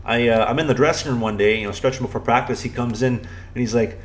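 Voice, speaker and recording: A man's voice: medium pitch, fairly even intonation, fast talker. A young man in a casual podcast chat, telling rambling stories in a middling voice. He keeps restarting his sentences and says "you know" a lot. His delivery is loose and conversational. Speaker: podcast co-host, pro hockey goalie.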